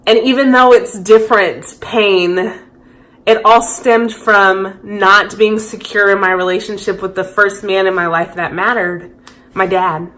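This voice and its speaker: A woman's voice: medium pitch, steady tone, unhurried, fairly bright tone. A woman in her thirties talking candidly and reflectively to camera in a personal vlog. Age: 30s. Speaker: vlogger.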